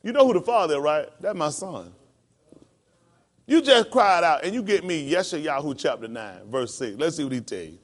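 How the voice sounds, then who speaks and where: A male pastor preaching a sermon. He calls out to the congregation and climbs into high, emphatic, drawn-out lines. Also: very animated. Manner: calls to the congregation with "come on" and "y'all".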